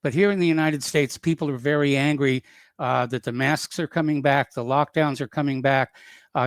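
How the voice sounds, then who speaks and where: Calm male talk radio host. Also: mid-range voice, no room sound, clean studio sound. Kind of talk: call-in talk radio hosting.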